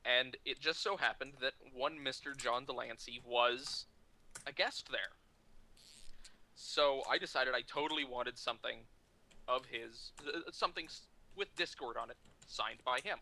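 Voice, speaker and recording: A man casually telling a funny anecdote to friends in a lively, chatty way. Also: medium pitch, measured pace, slight background noise. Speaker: storyteller.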